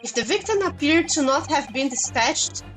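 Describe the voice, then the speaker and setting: Woman putting on a pompous gentleman detective. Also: sits high, lively intonation, normal speed, faint music behind, low-quality recording. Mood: declaiming. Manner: grandiose, theatrical. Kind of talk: reading game dialogue aloud.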